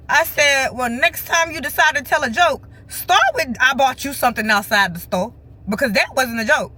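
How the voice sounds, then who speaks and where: A woman with telling a casual storytime vlog from her car, acting out other people's lines in an animated way. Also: high voice, normal speed. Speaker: vlogger. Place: parked car.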